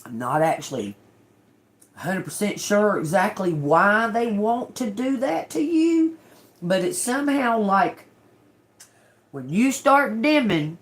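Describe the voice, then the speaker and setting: A woman's voice: mid-range voice, animated, takes it slowly. A woman giving a casual tarot reading to her viewers, blunt and emphatic, cursing freely and often checking in with "okay?". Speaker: tarot reader.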